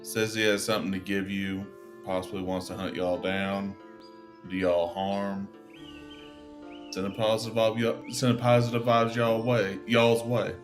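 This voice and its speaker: Player voicing a drawling Southern US young man, low, with music underneath. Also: level tone, measured pace, close to an everyday voice. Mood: warning. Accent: Southern US put-on. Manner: drawling, casual, says y'all.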